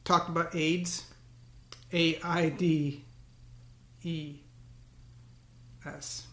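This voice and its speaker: A man's voice: a little high, level tone, drawn-out words, pushed and bright, echoey room. A man talking to the camera in a casual, rambling monologue, often repeating words and breaking into cursing rants. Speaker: vlogger.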